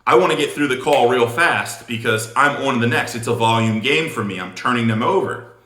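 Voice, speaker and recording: A man's voice: medium pitch, brisk, a bit bright. Man, sales coach, blunt punchy advice, echoey room. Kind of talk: instructional video talk. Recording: roomy echo.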